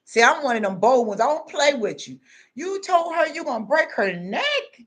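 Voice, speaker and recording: A woman's voice: fairly high pitch, lively intonation, normal speed, a bit bright. A woman talking straight to camera in a casual vlog, telling stories bluntly and preaching in emphatic asides. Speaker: spiritual vlogger.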